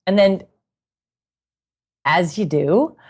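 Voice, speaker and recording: A woman guest in a casual interview, telling stories in a chatty, animated way and laughing often. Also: on the low side, extremely slow. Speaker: guest musician and knitting author.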